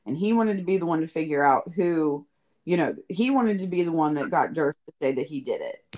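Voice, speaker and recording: A woman's voice: low voice, animated, a little fast, darkish tone. A woman co-host in casual chat, musing about the episode in a thoughtful way. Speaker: podcast co-host.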